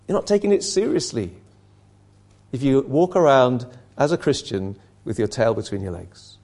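A man's voice: mid-range voice, big pitch swings, normal speed, vocal fry, darkish tone. A man preaching an impassioned sermon, asking rhetorical questions and repeating phrases for emphasis.

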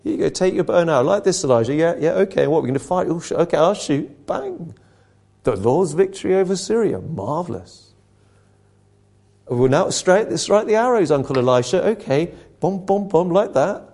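A man's voice: a little high, sing-song, normal speed, gravelly, a little mellow, voice pushed up, full character voice. A male preacher voicing a faithless king who mockingly humors a prophet. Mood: sarcastic. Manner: mock-casual, dismissive.

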